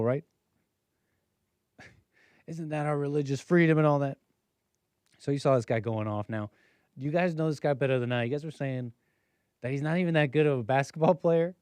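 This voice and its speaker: Chatty and prone to jumping around, a US man hosts a live call-in stream and talks casually with his viewers. His medium-pitched voice is darkish and clean, moving at a normal pace with frequent pauses, captured in a dry recording.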